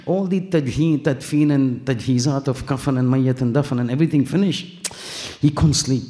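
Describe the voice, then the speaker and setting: A man's voice: medium pitch, normal speed, warm tone. A man preaching a sermon, telling a story with acted dialogue, rising to emphatic peaks.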